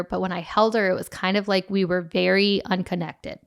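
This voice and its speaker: A woman's voice: lowish voice, steady tone, a little fast, smooth. A young woman, a podcast guest, tells her personal story in casual talk, emotional and full of fillers.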